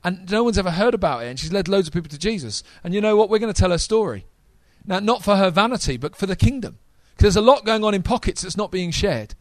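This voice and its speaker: Guy preaching to a crowd, high voice, dry close sound, all fired up. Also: fast talker, hardly any pauses, dry recording. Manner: energetic, talks to the audience. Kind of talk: sermon.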